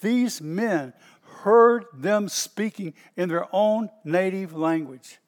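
A man with a high-pitched voice preaching a sermon. He reads scripture aloud, then comments on it and repeats his points for emphasis. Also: takes it slowly. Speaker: pastor.

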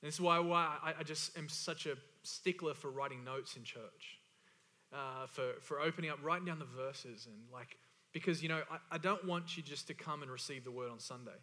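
A man with a high, bright and forceful voice preaches a sermon as pastor. He hammers home key phrases by repeating them with emphasis. His voice rings out with long reverb through a church hall.

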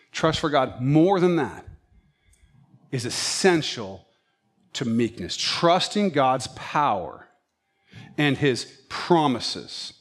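A man preaching a sermon as a pastor, telling stories and acting out his pets' thoughts in an animated way. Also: mid-range voice.

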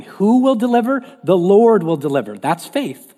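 A male pastor gives a lively, conversational sermon at normal speed, his somewhat high, husky, mellow voice rising and falling. A long hall reverb lingers after each phrase.

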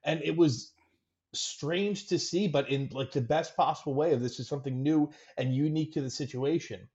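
An excitable man co-hosting a podcast, joking his way through casual chat with a slightly high voice. He leans on fillers and quick asides. His recording sounds dull and lo-fi. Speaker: podcast co-host.

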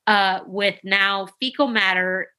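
A young adult woman, a nurse, telling a story in casual chat and acting out quotes with big jumps in pitch. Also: fairly even intonation, slow pace, bright, forceful tone, clean tone.

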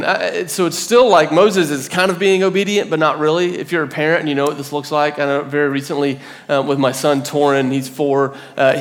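A man in his thirties preaching a sermon as a pastor, telling stories and acting out the voices he quotes. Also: a little high. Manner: storytelling, acts out quoted voices. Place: church hall.

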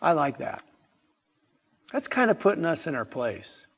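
A man preaching an evening sermon in a church sanctuary, emphatic and deliberate, asking the congregation rhetorical questions. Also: a little high, very animated, a bit bright, slightly rough. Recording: hall reverb in sanctuary.

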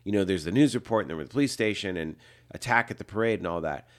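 A man around fifty, a film director, telling animated anecdotes as a guest and acting out the lines he quotes. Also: deep voice, very fast. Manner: lively storyteller, acts out quotes, laughs often.

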